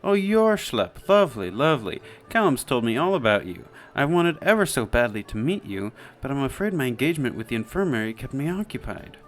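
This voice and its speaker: A man's voice: medium pitch, big pitch swings, brisk, hardly any pauses, faint music behind, pitched above the performer's own voice, natural voice. Man doing a prim, frail young lady. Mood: polite. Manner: prim, formal, overly polite. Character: frail, genteel young woman student, polite.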